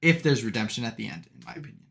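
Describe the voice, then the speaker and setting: A man's voice: medium pitch, expressive, very fast, creaky, fairly bright tone. A young man co-hosting a podcast, talking through a movie in a rambling, casual way with lots of fillers and laughs. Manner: rambling, many fillers, laughs while recounting jokes. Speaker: podcast co-host. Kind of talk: casual movie review chat.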